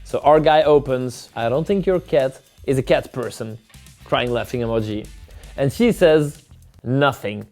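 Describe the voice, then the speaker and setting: A man's voice: medium pitch, measured pace, a little mellow. A man with a mid-range voice hosts a casual show and reads out dating text conversations. His commentary is wry and teasing. Light music plays faintly behind him. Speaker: host rating viewers' dating texts. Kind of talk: playful commentary reading chat messages aloud.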